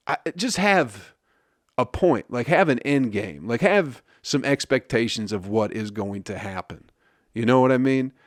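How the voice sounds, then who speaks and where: Man, podcast host, casual comedic monologue, profane, rambling, laughs at own jokes, middle pitch, dry close sound. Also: no echo.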